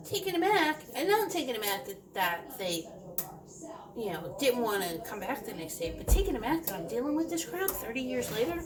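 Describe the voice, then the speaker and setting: A woman's voice: on the high side, very animated, moderate pace, low-quality recording. Blunt, direct middle-aged woman. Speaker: construction field manager. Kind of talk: casual vlog chat. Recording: crowd chatter in background.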